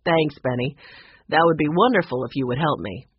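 A woman doing a gentle, worried man. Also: sits low, moderate pace, breathy edge, dry recording. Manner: gentle, downcast. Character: worried middle-aged man, gentle, carousel owner. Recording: dull, muffled recording.

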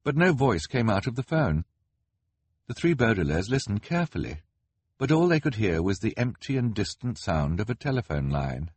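A man narrating an audiobook in a measured, expressive storytelling manner. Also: on the low side, husky, dry recording.

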